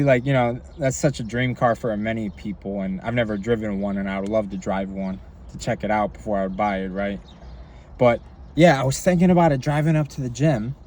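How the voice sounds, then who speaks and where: A young man talking straight to camera in a casual monologue, excited and rambling, with lots of fillers and frequent swearing. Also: mid-range voice. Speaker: vlogger and coach.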